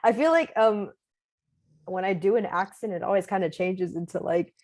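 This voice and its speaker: Young woman, relaxed and hesitant. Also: medium pitch, moderate pace. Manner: relaxed, hesitant, many "like" fillers, laughs easily. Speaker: guest actress. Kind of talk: casual interview.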